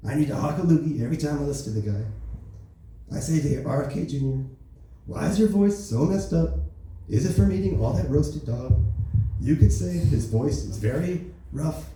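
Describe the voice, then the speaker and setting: A man with a fairly high but dark-toned voice, animated and at normal speed, performs a brash, rambling, bragging older-president impression during an open-mic stand-up set. The distant recording in the echoey club carries a little hiss or hum, and his voice sounds natural.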